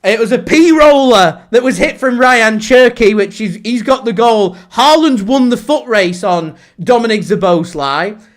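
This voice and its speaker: A man giving live watchalong commentary on a football match for his fan channel, calm one moment and shouting the next. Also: very high voice, a little slow, few pauses. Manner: excitable, shouts and laughs in disbelief at big moments.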